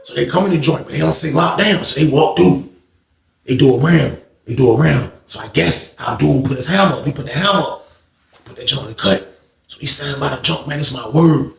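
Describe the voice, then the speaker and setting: A man telling a story in a casual way, slangy and animated, acting out the voices of the people in it. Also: medium pitch, a little fast, gravelly, reverberant.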